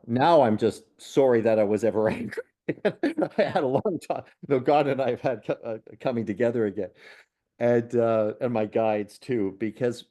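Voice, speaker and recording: A man with a lowish, warm, mellow voice, speaking as a medium on a podcast. He tells personal stories earnestly and without hurry, sometimes laughing softly or restarting a sentence. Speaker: guest, spiritual medium and healer. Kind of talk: reflective personal storytelling in a podcast conversation.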